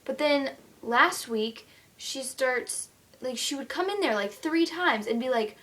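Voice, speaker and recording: A woman's voice: sits high, a little slow, bright, forceful tone. A teenage girl ranting to the camera in a casual vlog, chatty and indignant, full of "like" and "um". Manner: chatty, lots of "like" and "um"; indignant storytelling. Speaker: vlogger.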